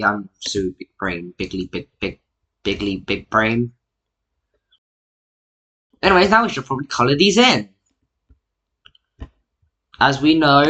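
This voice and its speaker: In casual screen-recorded commentary, a mapping YouTuber narrates an alternate history, rambling and poking fun at himself with plenty of "like" fillers. He sounds tired, and his mid-range voice has a slightly bright quality.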